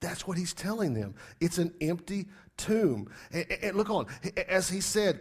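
A man's voice: high voice, expressive, normal speed, husky. A male pastor delivers a sermon in a slightly raised voice. He talks emphatically and repeats key phrases. He keeps asking his congregation rhetorical questions.

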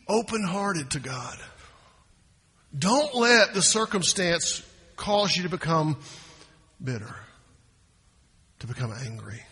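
A man's voice: on the high side, a bit bright, husky, long reverb tail. A man preaching a sermon in a conversational, folksy way, often restarting his phrases. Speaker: pastor.

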